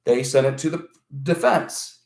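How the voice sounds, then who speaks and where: Animated man telling EMT stories. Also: a little high, measured pace, creaky. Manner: animated storytelling, swearing, quoting others. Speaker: former EMT guest. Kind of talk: casual podcast chat. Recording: echoey room.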